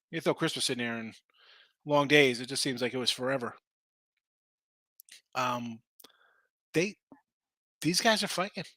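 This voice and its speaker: Bright and forceful, his high voice carries without any echo. He's a weary sports betting show host on air live, voice fading, casually discussing point spreads and responding to people in the chat.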